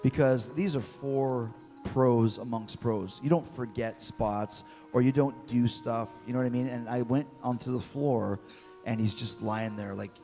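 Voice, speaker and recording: A middle-aged man, a guest in an interview, telling lively anecdotes with repeated words. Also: mid-range voice, measured pace. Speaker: guest, former wrestler. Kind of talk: storytelling in an interview. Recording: long reverb with faint music.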